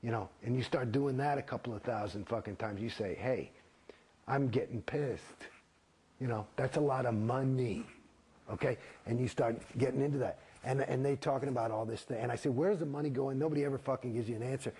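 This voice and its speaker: A man's voice: mid-range voice, steady tone, quick pace, mellow, slightly rough. A man, an actor, talking bluntly and profanely in a candid interview, ranting with wry sarcasm.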